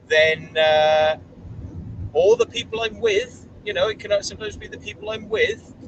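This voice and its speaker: A man, vlogging in a blunt, sweary, rambling way with lots of fillers, recorded outdoors. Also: fairly high pitch. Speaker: urban explorer vlogger. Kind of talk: casual rambling monologue. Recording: distant mic with loud outdoor noise.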